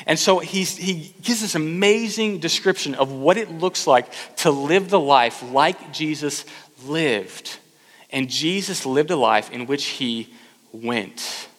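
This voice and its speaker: A man's voice: a little high, takes it slowly. Emphatic male preacher in a reverberant hall. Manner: emphatic, repeats key words, swings from loud urging to hushed intensity. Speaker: pastor. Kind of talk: sermon. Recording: long reverb of a large hall.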